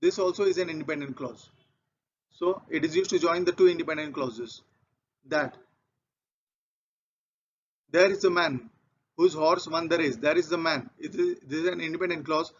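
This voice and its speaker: A man teaching English grammar, walking slowly and methodically through example sentences and repeating key points. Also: on the high side. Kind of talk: explaining grammar over slides. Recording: dull lo-fi recording.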